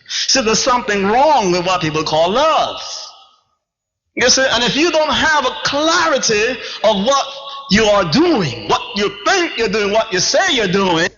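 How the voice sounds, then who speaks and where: A man's voice: high-pitched, very animated, a little slow, pushed and bright. A man giving an emphatic spiritual lecture to a live audience, driving his points home with rhetorical questions and repeated "you see". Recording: dull lo-fi 1990s hall recording with long reverb.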